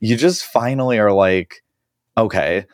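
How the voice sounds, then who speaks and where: A man co-hosting a podcast, chatting casually about relationships in a relaxed, self-deprecating way. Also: on the low side, moderate pace. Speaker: podcast co-host.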